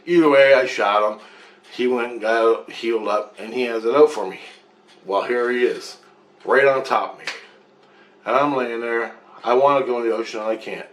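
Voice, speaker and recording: A man's voice: mid-range voice, moderate pace, slight background noise, poor audio. A man telling a rambling first-person story with profanity and restarts. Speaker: vlogger.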